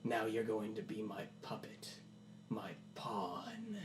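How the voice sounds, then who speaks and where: A man plays a sinister one-eyed thing trapped inside a wardrobe, speaking in a hushed, taunting whispered role-play. The voice stays low and menacing. It sits in a roomy space with a faint hum underneath. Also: very animated, slow.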